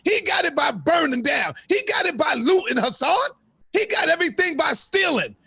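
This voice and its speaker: Loud preaching man, high gravelly voice. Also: very animated, moderate pace, no room sound, studio quality. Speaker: host. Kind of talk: heated live-stream debate.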